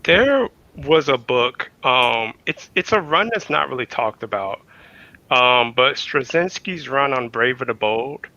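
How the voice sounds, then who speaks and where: A man's voice: mid-range voice, animated, measured pace, pushed and bright, no room sound. A man guest on a casual podcast, retelling a story in a rambling way with many fillers. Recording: dull lo-fi mic.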